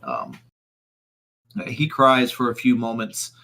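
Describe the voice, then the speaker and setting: Game master, male, bright voice, stop-start delivery. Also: medium pitch, sing-song. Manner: halting, many fillers and restarts. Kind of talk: narrating a tabletop game.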